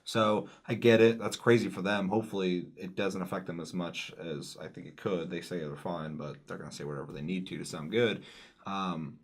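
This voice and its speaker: Husky-voiced man in casual gaming chat. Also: sits low, moderate pace. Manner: laughing, profane, excitable storytelling. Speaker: podcast co-host.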